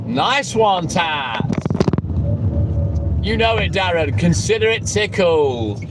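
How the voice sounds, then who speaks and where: A man with a high voice chats slowly with viewers in sweary, joking banter. He talks into a phone, and the steady rumble of a moving vehicle sits under him. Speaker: livestream host. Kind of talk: casual live-stream chat.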